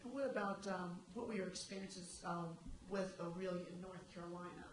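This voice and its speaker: A woman moderating a panel, asking questions in a soft, hesitant way. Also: lowish voice, fairly even intonation, fairly quick. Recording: distant echoey hall with noise.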